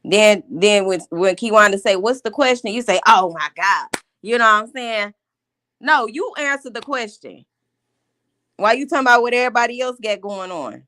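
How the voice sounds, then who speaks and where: This woman hosts a livestream with casual commentary, calling people out bluntly and confrontationally through repeated questions. Her mid-range voice is bright and forceful, and she speaks a little fast. The recording is close and dry with no room sound.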